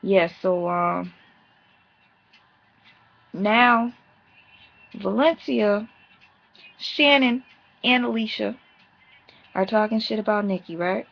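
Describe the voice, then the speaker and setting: A woman's voice: mid-range voice, slow, gravelly, pauses often, dull audio. A woman giving a brash, profane, sassy casual recap of a reality show episode. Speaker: vlogger reviewing a reality show.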